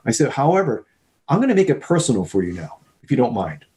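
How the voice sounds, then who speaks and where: A man's voice: medium pitch, fast. Podcast guest, man, mid-range voice, acts out dialogue while telling stories. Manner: animated storyteller, acts out both sides of dialogues. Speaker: podcast guest, sales leader. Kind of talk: storytelling in a podcast interview.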